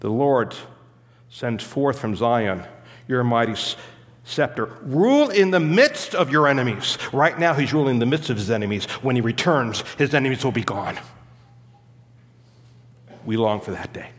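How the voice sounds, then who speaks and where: A man's voice: medium pitch, moderate pace, long pauses, in a large hall. A man preaching an expository sermon as a pastor, teaching in an emphatic way and stopping to explain the grammar of the Greek text.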